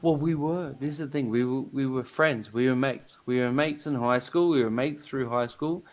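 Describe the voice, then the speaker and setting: A man on a video call telling a personal story in a blunt, sweary, earnest way with halting restarts. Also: mid-range voice, rough recording. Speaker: guest on a live stream. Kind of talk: casual chat, personal story.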